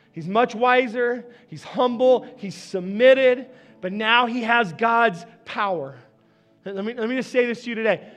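A man's voice: extremely high pitch, fairly bright tone. A man preaching a sermon as pastor, talking conversationally and addressing the congregation directly.

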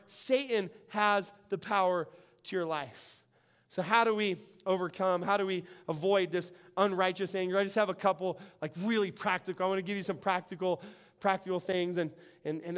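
Excitable pastor, high clear voice. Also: male voice. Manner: excitable, animated delivery with laughs. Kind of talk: sermon.

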